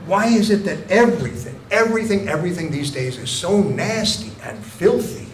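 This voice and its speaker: An older man tells his stand-up stories with mock innocence and a deadpan touch. His voice is fairly high and rings through a roomy club. The audience and room noise come through clearly. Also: moderate pace. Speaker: stand-up comedian. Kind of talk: stand-up comedy. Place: comedy club stage.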